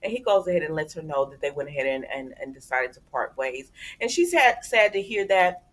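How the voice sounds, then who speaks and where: A woman with a slightly low-pitched voice hosts a casual soap opera recap. She talks straight to her viewers in a loose, gossipy way. She keeps slipping into the characters' lines as she retells each scene. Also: sing-song, a little fast. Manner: chatty, conversational, addresses viewers as y'all.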